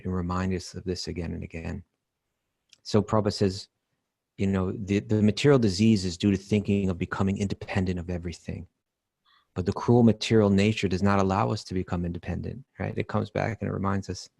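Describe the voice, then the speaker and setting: A man's voice: deep voice, creaky, a little mellow, no echo. A man co-hosting a podcast, talking in a hesitant, reflective way with many fillers. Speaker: podcast co-host. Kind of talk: casual chat.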